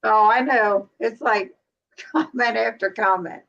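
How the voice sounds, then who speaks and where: Chatty woman livestream host from North Carolina, relaxed and easy, laughs often. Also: fairly high pitch, a little slow, gravelly, dull audio. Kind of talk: casual chat.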